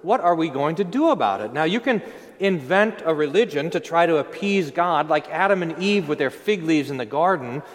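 High, lively preaching man in reverb. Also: normal speed. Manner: animated preaching, rising to emphatic declarations. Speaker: pastor. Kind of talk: sermon. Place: church. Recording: long reverb of a church hall.

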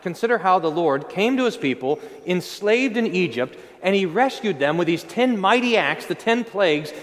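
High, lively preaching man in reverb. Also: moderate pace. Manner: animated preaching, rising to emphatic declarations. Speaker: pastor. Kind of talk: sermon. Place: church. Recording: long reverb of a church hall.

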